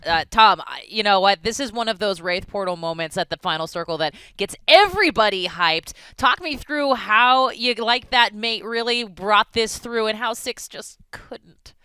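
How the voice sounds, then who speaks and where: A woman's voice: medium pitch, bright, forceful tone, smooth, no room sound. A woman hosting an esports analyst desk, upbeat and playful as she hands over to her co-analyst. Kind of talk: studio desk talk.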